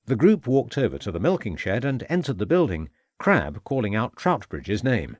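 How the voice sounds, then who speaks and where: A man narrating an audiobook mystery in a steady storytelling manner. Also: medium pitch, normal speed, no room sound. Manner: steady storytelling with dialogue tags. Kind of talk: scripted narration.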